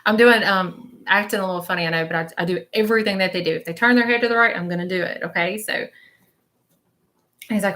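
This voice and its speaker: Bright-voiced chatty woman medium. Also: medium pitch, fast talker, slight background noise. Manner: chatty, reassuring, keeps checking in with "okay?". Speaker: spiritual medium. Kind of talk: live-stream reading.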